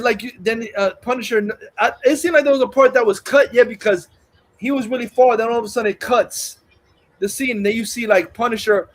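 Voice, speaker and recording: A man's voice: very high-pitched, fairly quick. A man hosting a livestream, casually retelling a movie scene by scene in a rambling, profane way and acting out the quotes. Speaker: livestream host. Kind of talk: casual movie review chat.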